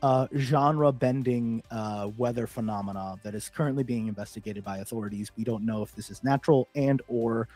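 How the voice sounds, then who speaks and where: A man co-hosting a live-streamed talk show, improvising a mock report with many pauses and fillers. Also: mid-range voice, mellow, faint music behind. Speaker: podcast co-host. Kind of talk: casual chat, mock weather report.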